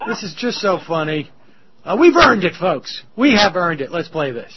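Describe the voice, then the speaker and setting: A man's voice: high voice, moderate pace, over a noisy crowd. Mocking male host from Massachusetts. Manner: mocking, energetic, gets loud. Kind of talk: mocking political commentary. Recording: dull lo-fi radio clip.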